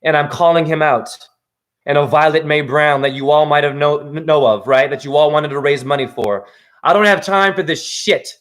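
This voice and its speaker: A man's voice: fairly high pitch, moderate pace, a bit bright. A man in his forties delivering an angry, accusatory video rant as a self-styled spiritual teacher, swearing freely. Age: 40s. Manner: angry, accusatory, emphatic ranting with profanity. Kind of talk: ranting video monologue.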